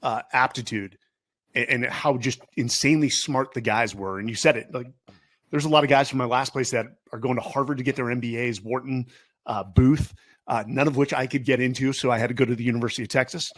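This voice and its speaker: A man's voice: mid-range voice, steady tone, fairly quick, fairly bright tone, no echo. Rambling male podcast host. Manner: rambling questions with many fillers and restarts. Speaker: podcast host, military veteran. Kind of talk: casual interview.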